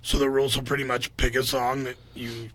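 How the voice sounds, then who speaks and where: A man with a bright, forceful voice chats casually as a guest, rambling and upbeat while he talks through his show's plans. His tone stays loose and promotional, with a middle-range pitch. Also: flat delivery, brisk. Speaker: comedy show host, guest. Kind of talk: casual interview chat.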